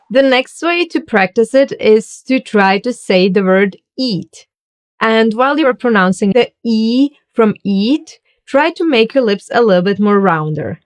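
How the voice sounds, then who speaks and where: A woman giving a scripted language lesson, speaking slowly and deliberately as she demonstrates each sound. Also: fairly high pitch. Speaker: German teacher.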